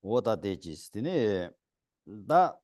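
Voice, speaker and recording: A middle-aged Buddhist teacher, a man with a low, mellow voice, gives a dharma teaching. He speaks emphatically, his voice jumping up in pitch and force. The recording is dry and close. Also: sing-song, slow pace, no echo.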